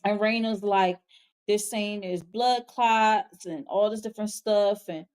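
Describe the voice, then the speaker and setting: A woman's voice: mid-range voice, a little slow, a little mellow, clear, resonant tone. A woman hosting a casual review of a TV show, recapping scenes in a chatty, slangy way with frank, exasperated asides. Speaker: host.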